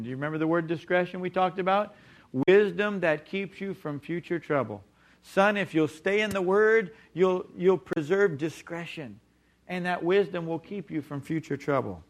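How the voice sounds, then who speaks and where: Emphatic male preacher, fairly high voice. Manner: emphatic preaching, slowing down on key words. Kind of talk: sermon.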